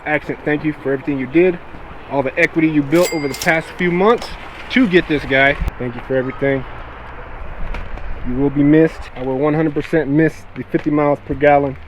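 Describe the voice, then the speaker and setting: A man from Arizona vlogging a road trip in a casual, excited way, talking to his viewers from outdoors and from a car. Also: on the high side, fairly quick, a little hiss or hum. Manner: excited and upbeat, addressing viewers as guys. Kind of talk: casual vlog commentary.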